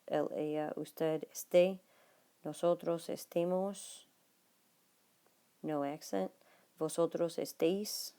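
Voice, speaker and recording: A woman teaching Spanish, explaining grammar notes patiently and speaking straight to her students, sometimes dropping to a quiet murmur as she writes. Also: smooth. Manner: drops to a low, near-whispered aside while writing. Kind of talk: recorded classroom lesson notes.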